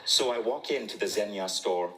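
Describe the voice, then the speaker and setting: 40s guy keynote talk, kinda low voice, animated storytelling, chuckles a lot, live audience. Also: moderate pace, low-quality recording. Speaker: keynote speaker.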